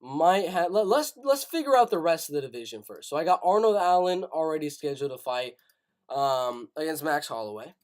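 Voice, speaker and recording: A man's voice: fairly high pitch, very animated, brisk, a little mellow. A young man hosting a live stream, thinking aloud and often repeating himself as he stammers through ideas. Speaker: host.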